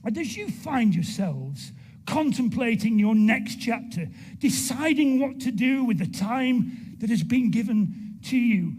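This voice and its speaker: A British man delivers a ceremony speech from a podium. His voice sits very high and swings up and down a lot. He mixes playful asides with measured, formal oratory in a large hall. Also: lively intonation, darkish tone, slightly rough. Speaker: graduation ceremony speaker.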